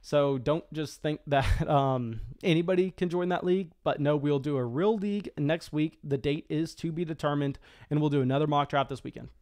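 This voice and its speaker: Excitable man with restarts, commentating a draft. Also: fairly high pitch. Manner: quick, excitable, frequent stammered restarts. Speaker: fantasy football streamer.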